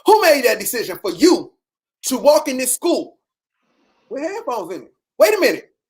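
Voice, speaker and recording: A woman's voice: high-pitched, very animated, moderate pace, a little mellow. A woman, telling a personal story in a casual, preachy way, repeating questions and acting out the people she quotes.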